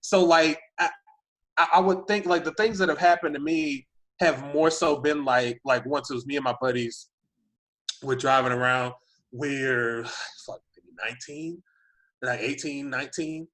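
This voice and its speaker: A man's voice: medium pitch, measured pace. A man, a podcast guest telling a story in casual talk, acting out voices and saying "like" a lot. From Humble, Texas. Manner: animated, acts out voices in anecdotes, lots of "like".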